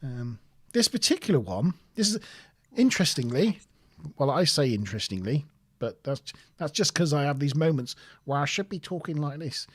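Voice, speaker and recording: A man with a West Country accent chats on a casual show, his voice sitting a little high for a man. He rambles and hesitates often, with a self-deprecating manner. The sound is dry and close, with no room echo. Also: lively intonation, normal speed, husky. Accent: West Country English. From southwest England. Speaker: co-host. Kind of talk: casual podcast chat.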